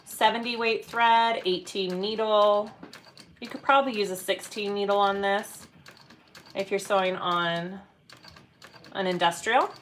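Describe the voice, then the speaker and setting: Bright, unhurried woman hosting a sewing stream. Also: mid-range voice, a little hiss or hum. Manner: chatty, explains steps while greeting viewers. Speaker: sewing tutorial host. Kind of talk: live sewing demonstration.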